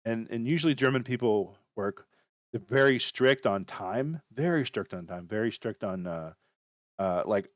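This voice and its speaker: Man, casual advice talk, rambling, lots of fillers, low voice, dry sound. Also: no room sound. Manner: rambling, filler-heavy, chatty. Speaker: channel host giving career advice.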